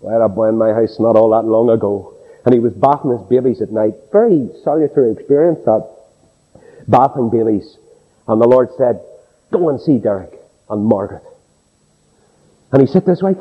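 A man's voice: fairly low pitch, expressive, moderate pace, pauses often, slightly rough. A man preaching a sermon in a dramatic, emphatic way, acting out the people he quotes. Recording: dull recording with long hall reverb.

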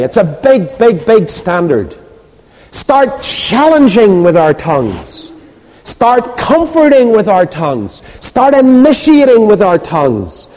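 In a reverberant hall, a man preaches a sermon with emphatic, rhetorical delivery, then drops to a soft, low voice as he leads a prayer.

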